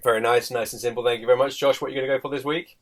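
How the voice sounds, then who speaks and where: A man's voice: mid-range voice, steady tone, racing. A man hosting a podcast over a video call and running a quiz, joking at his own expense and laughing often. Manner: jokey, self-deprecating, laughs often. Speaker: podcast host and quizmaster. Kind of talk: casual podcast chat.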